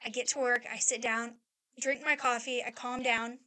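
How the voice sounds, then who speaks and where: A woman's voice: a little high, level tone, moderate pace, bright, forceful tone. A woman in her thirties chatting on a podcast, telling a rambling personal story full of "like". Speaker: podcast co-host, mother. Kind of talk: casual chat, personal storytelling.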